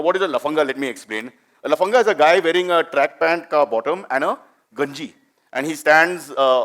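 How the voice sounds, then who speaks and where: A middle-aged man with an Indian English accent, doing animated stand-up storytelling and teasing the audience. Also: a little high. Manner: animated, chatty, teases the audience. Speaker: stand-up comedian.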